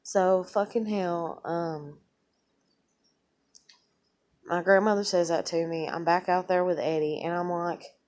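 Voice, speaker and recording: A woman's voice: on the low side, fairly even intonation, slow, pauses often, darkish tone. Young woman, casual rambling storyteller, swears a lot, quotes conversations. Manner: rambling, swears often, tells events through quoted speech.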